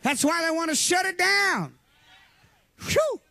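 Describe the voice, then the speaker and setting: A man preaching a sermon, telling a story in an animated way and often shouting. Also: extremely high pitch, takes it slowly, gravelly, no echo.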